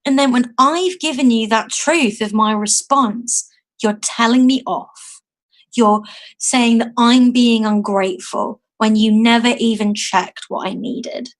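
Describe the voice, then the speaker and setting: A British woman in her thirties, a guest activist in a podcast interview, telling stories in an animated way and acting out the people she quotes. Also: measured pace. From United Kingdom. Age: 30s. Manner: animated storyteller, acting out quoted voices with big pitch jumps.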